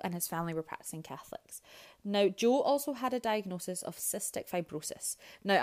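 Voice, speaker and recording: A woman's voice: on the low side, darkish tone. A young woman hosting a podcast, telling a true-crime story in a casual, chatty way with asides and self-corrections. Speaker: podcast host.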